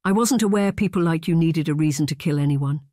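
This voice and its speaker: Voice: mid-range voice, a little fast, mellow, no echo, studio quality, natural voice. A narrator voicing a sheltered young English noblewoman, prim and defiant with a trembling edge, in an audiobook. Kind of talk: audiobook character voice.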